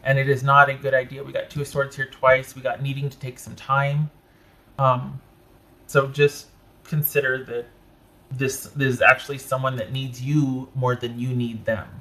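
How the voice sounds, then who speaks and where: A man giving a casual tarot reading, talking in a chatty way with animated asides and frequent self-interruptions. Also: mid-range voice, moderate pace. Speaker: tarot reader.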